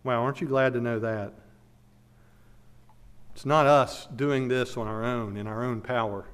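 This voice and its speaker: A man's voice: medium pitch, fairly even intonation, unhurried, clear, resonant tone. A man preaching an expository sermon as pastor, earnest and emphatic, repeating key phrases, then leading a prayer.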